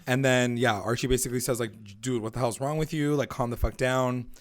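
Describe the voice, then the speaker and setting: A man's voice: medium pitch, fairly even intonation, a little fast. A man co-hosting a TV recap podcast, chatting loosely and swearing, often acting out the characters' lines. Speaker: podcast co-host. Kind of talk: casual recap chat.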